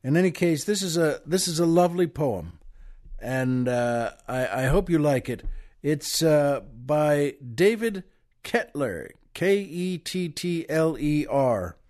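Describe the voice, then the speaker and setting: A man's voice: on the high side, lively intonation, slow pace, a little mellow. A man hosting a talk show, telling stories in a casual, rambling way with frequent restarts and repeated words. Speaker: show host.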